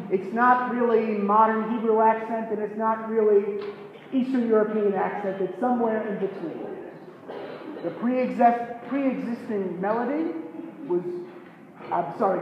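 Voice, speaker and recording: A man giving a pre-concert lecture, explaining in a measured way with pauses and self-corrections, recorded in a concert hall. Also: high voice. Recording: echoey hall, dull lo-fi sound, faint noise.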